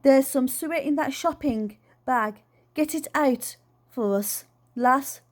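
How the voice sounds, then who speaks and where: A woman's voice: sits high, takes it slowly. Woman putting on a bossy aunt. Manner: scolding, dramatic exclamations. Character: bossy, blunt middle-aged aunt.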